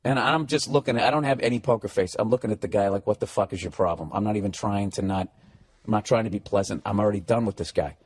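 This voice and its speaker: A man, a comedian, telling a story as a profane, animated rant. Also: on the low side, quick pace.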